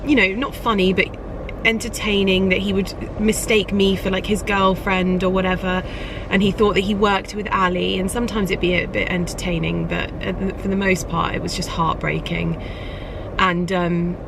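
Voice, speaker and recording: A woman's voice: mid-range voice, flat delivery, moderate pace, vocal fry, noisy background. Chatty woman vlogger. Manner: chatty, rambling with many fillers, emotional. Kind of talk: casual vlog chat.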